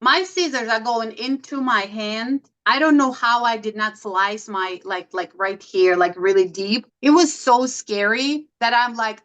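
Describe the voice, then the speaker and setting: A woman's voice: fairly high pitch, normal speed, hardly any pauses, poor audio. A middle-aged woman from Russia with a Russian accent, telling stories in conversation and acting out quoted dialogue. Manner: animated, acts out quoted dialogue. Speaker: guest. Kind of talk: conversational storytelling.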